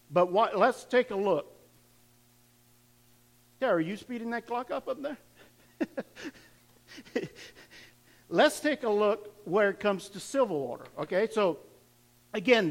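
A pastor with a high voice preaches to his congregation. His talk is loose and conversational, full of questions thrown to the room and words said twice as he builds up a point. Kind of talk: sermon.

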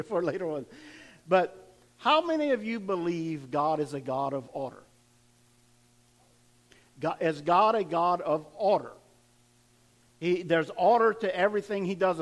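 A man preaching a sermon in a conversational way, asking his congregation questions and often repeating words as he goes. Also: sits high. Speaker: pastor.

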